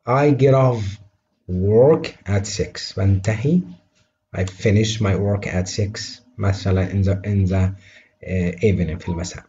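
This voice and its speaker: Guy teaching english, says phrases slow then translates fast, a bit low, faint hiss behind. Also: warm tone, dull audio. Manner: models each English phrase slowly and clearly, then translates it quickly into Arabic. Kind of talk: English vocabulary lesson.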